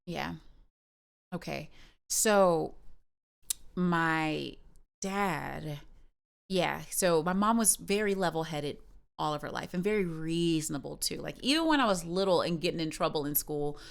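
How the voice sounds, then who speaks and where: A woman's voice: low-pitched, unhurried, creaky, long pauses. A woman streamer talking in a rambling, candid way, with many fillers and restarts. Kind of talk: casual personal chat on a livestream.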